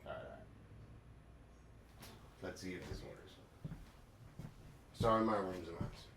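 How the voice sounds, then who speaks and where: A man's voice: low voice, unhurried, a crowd in the background. A young man chatting loosely to his viewers from his room. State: out of breath. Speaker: vlogger. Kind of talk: casual livestream chat. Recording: echoey room with loud ambient noise.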